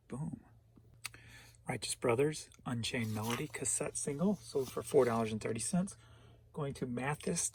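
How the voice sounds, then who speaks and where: A man's voice: medium pitch, creaky, a little mellow, slightly rough. A man giving a laid-back rundown of items he sold online, listing each one and where it is going, chuckling now and then. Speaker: online reseller. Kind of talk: casual sales rundown.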